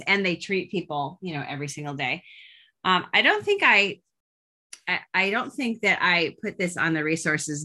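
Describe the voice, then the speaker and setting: A woman's voice: fairly low pitch, sharp tone. A woman in her forties leading a parenting coaching group, talking casually with many fillers and restarts.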